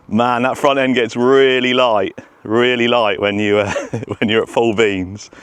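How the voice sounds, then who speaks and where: A man testing a remote-control car outdoors by a road, chattering excitedly to himself as he films. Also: medium pitch, slow pace, clean tone. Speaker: RC car vlogger. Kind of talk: casual self-narration while testing.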